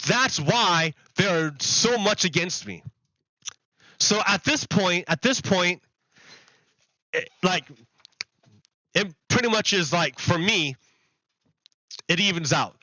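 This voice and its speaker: Bright, high-voiced man telling a story. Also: lively intonation, slow, pauses often, no echo, low-quality recording. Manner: rambling, repeats himself, laughs at the absurdity. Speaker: livestreamer. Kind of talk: casual storytelling to stream viewers.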